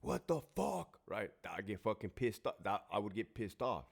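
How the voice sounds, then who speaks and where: A middle-aged man with a somewhat low voice talks in a casual, unscripted monologue. He is blunt and emphatic, with constant profanity, like a former guard telling it straight. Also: moderate pace. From Southern California. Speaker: former prison guard and military veteran.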